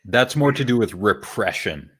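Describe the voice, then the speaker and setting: A man co-hosting a casual podcast chat, explaining his views in a thoughtful, measured way. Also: fairly low pitch, expressive, breathy edge. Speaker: podcast co-host.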